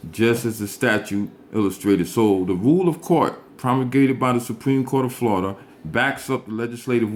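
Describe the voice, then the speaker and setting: Deliberate man reading law aloud. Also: mid-range voice. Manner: deliberate, emphatic, repeats key words. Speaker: legal explainer. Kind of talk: instructional talk reading statutes aloud.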